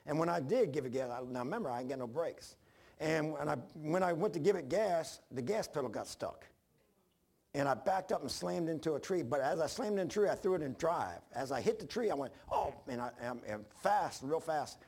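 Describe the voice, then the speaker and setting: A man's voice: on the high side, lively intonation, a little fast, vocal fry, darkish tone, slightly rough. A man preaching an informal sermon, rambling through personal stories with frequent restarts and self-deprecating humor.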